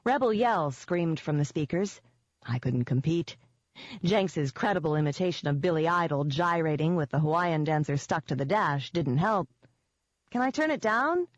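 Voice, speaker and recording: A woman reading first-person fiction aloud as an audiobook narrator, with an even, wry storytelling manner. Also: deep voice, normal speed, no echo. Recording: dull dry lo-fi audio.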